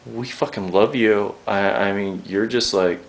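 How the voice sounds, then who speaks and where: A man's voice: fairly low pitch, steady tone, unhurried, gravelly. A young man interviewing a guest, rambling, joking and swearing freely as he gets emotional.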